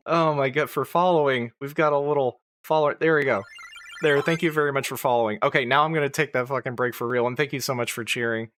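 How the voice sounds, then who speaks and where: A live streamer chatting casually, excitable and prone to giggling while commenting. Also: medium pitch, brisk, noisy background. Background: music playing.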